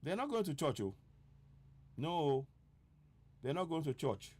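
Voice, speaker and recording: A man's voice: a little high, sing-song, a little slow, darkish tone. A man giving an impassioned political broadcast, urgent, repeating rhetorical questions. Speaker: online broadcaster.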